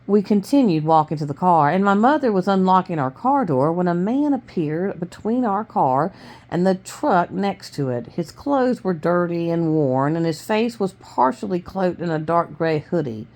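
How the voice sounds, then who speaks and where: A woman reading a novel aloud to her family in plain, steady storytelling with small stumbles. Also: on the low side, normal speed. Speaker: family reader.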